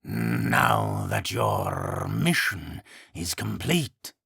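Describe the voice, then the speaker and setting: A man's voice: rumbling low, huge pitch swings, very slow, creaky, sharp tone, breathy edge, dry recording, pitched below the performer's own voice, full character voice. A man voicing an ancient male harpygriff guardian who speaks in a formal, archaic way. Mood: solemn. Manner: formal, archaic, stately speech.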